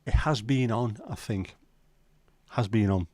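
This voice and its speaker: A man with a Liverpool Scouse accent, the host of a casual livestream, rambles and swears while joking around with viewers. He speaks at a measured pace in a lowish voice with a darkish tone, and no room sound comes through.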